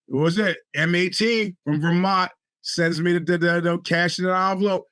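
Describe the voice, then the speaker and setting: A man's voice: high-pitched, fairly even intonation, normal speed, a bit bright, smooth, no echo. A man hosting his podcast in casual, rambling talk with wry, profane asides, his speech a bit off from a bitten tongue. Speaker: podcast host.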